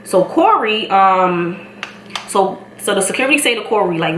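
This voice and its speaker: A young woman in her twenties with a Brooklyn New York accent, telling an animated story while doing her makeup and acting out the people in it. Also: medium pitch, moderate pace. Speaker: beauty vlogger. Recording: echoey room, faint ambient noise.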